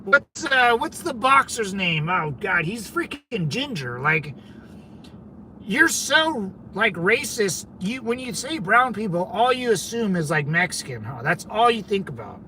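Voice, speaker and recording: A California livestream host with a high voice and big pitch swings keeps a measured pace and a bright, forceful tone. Slight background noise is present as he chats loosely, addresses viewers directly, and leans on "dude" and "man."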